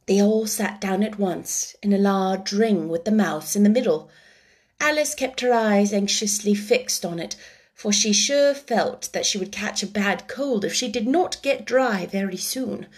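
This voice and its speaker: A woman reading a storybook aloud with an expressive, animated delivery. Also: mid-range voice, a little slow, breathy edge.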